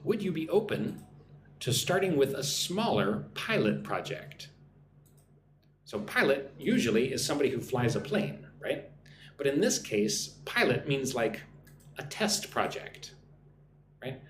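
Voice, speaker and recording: Male English teacher on a live stream, animated delivery, explains phrases slowly for learners, echoey room with faint noise. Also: on the high side. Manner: explains phrases slowly, greets chat viewers.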